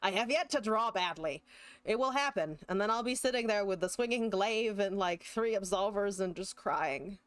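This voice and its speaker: A woman's voice: medium pitch, animated, moderate pace, dry recording. A woman streamer chatting casually and joking at her own expense while she plays a card game, swearing now and then. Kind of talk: casual gameplay commentary.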